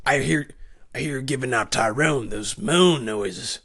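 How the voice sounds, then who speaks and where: A man's voice: mid-range voice, measured pace, a bit bright, voice pushed down. A man voicing a menacing male prison inmate who corners someone. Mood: sly.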